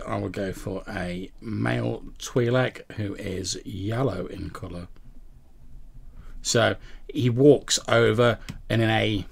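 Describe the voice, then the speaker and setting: A man's voice: on the low side, creaky. A man narrating a tabletop role-playing game as game master, describing scenes with frequent small restarts.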